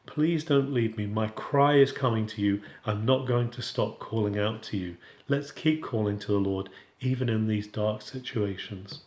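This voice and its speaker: A man's voice: lowish voice, moderate pace, few pauses, darkish tone. A man giving an informal, earnest Bible teaching, often restarting his sentences. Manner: earnest, with frequent restarts and paraphrased quotes. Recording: roomy echo.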